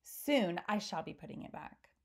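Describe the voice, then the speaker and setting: A woman voicing a big, gentle male giant who speaks in mangled, made-up grammar, reading aloud from a storybook. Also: on the low side, lively intonation, normal speed, husky. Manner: gentle, ungrammatical, invents odd words.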